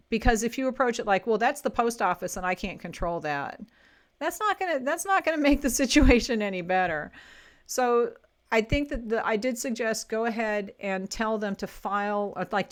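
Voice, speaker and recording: Chatty woman giving seller advice. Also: medium pitch. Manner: chatty, plainspoken, self-correcting. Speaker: online selling coach. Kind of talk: casual advice talk to camera.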